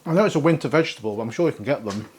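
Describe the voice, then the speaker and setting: A man's voice: medium pitch, animated, rapid-fire, breathy edge. A man hosting a casual cooking demonstration in a kitchen, chatty and upbeat, with easy laughter. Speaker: cooking show host.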